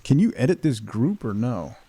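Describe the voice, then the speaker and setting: A man's voice: medium pitch, big pitch swings, normal speed, husky, dry recording. A man streaming a building game, chatting casually and teasingly with viewers. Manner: playful, teasing chat with viewers; soft cooing baby talk to a pet. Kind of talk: casual gameplay chat.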